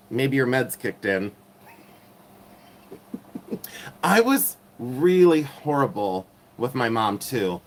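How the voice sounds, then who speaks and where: A man's voice: medium pitch, a little hiss or hum. A middle-aged man with a nasal voice hosting a casual jewelry livestream, rambling and teasing himself while reading chat aloud. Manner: rambling, self-mocking, reads chat aloud. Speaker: livestream host reselling vintage jewelry.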